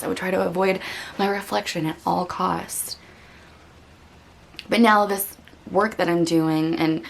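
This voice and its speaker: A woman hosting a meditation channel talks candidly to the camera, earnest and reflective, with lots of "like" and "you know", and at times she is close to tears. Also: on the low side. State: getting emotional. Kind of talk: candid personal talk to camera.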